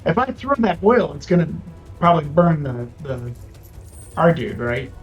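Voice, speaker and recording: A man playing a tabletop game who talks in a halting way, thinking aloud as he decides. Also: a little high, sing-song, highs cut off. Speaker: player. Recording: roomy echo, faint music behind.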